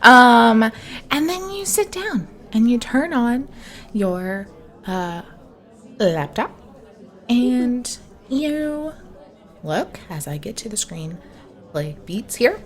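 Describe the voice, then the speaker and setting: A woman's voice: fairly high pitch, animated, slow, long pauses, a bit bright. A woman narrating a tabletop game as game master, playful and laughing as she corrects herself.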